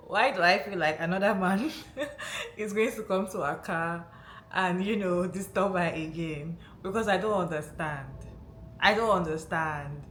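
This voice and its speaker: A woman's voice: lowish voice, a bit bright. A woman host reacting to a clip in casual commentary, reflective and repeating points for emphasis. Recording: roomy with faint background noise.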